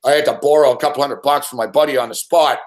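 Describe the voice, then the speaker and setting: A man hosting a betting show, telling a story in a rambling, excitable way and swearing constantly. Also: medium pitch, very fast. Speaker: sports betting show host. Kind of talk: profane casual storytelling.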